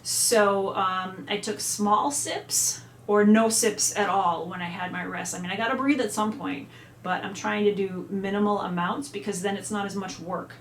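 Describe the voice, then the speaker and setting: A woman at middle pitch walks through an instrument lesson in a chatty way, now and then singing short phrases out on syllables. The room is echoey, with faint ambience behind her. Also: steady tone, moderate pace, a little hiss or hum. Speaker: music teacher.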